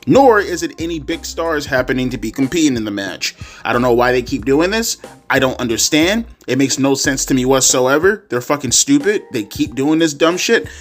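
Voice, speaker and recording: A man vlogs casually about a wrestling show, ranting with sarcasm and profanity. His medium-pitched voice is animated, and he keeps a moderate pace.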